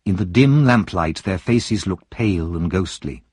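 A man narrating a story aloud in a measured, expressive reading with a husky voice. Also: low-pitched, no room sound, studio quality.

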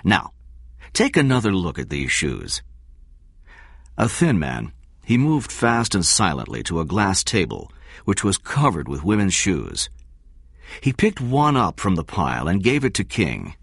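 Low, husky male storyteller. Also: huge pitch swings, no echo, studio quality. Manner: measured storytelling. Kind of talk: scripted narration of a story.

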